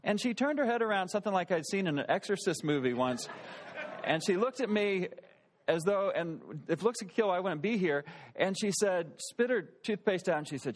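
Here a pastor in his thirties preaches in a laid-back, conversational style, recounting something that happened to him and quizzing his audience. His voice sits high, and he talks at a normal speed.

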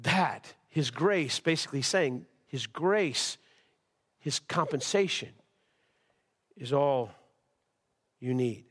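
A man's voice: mid-range voice, lively intonation, takes it slowly, long pauses, a bit bright, husky. A male pastor preaching a sermon at a church service, impassioned, repeating words and restarting phrases.

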